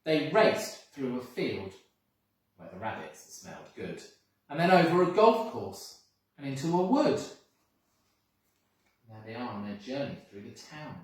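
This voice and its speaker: A school reader reading a picture book aloud with expressive, sing-song storytelling, recorded from a distance in an echoey room. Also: medium pitch, measured pace, pauses often. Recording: echoey room, mic far off.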